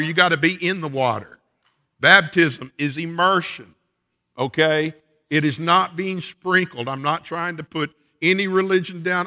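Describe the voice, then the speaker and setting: A man's voice: fairly high pitch, pushed and bright, big-room sound. A male pastor preaching a sermon in a church sanctuary, laying out his points one by one with emphasis.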